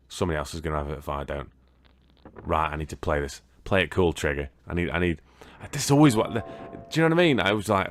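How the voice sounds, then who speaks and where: Deep gravelly british guy rambling thru a game, swears a bit, dry close sound. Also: animated, fast talker, fairly bright tone, dry recording. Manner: chatty, rambling, swears casually. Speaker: game video host. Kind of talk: casual let's-play commentary.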